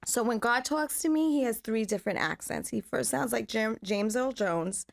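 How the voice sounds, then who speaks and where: Animated woman telling her story. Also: on the high side, moderate pace, vocal fry. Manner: animated, vivid storyteller who acts out scenes. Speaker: podcast guest. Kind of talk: personal storytelling.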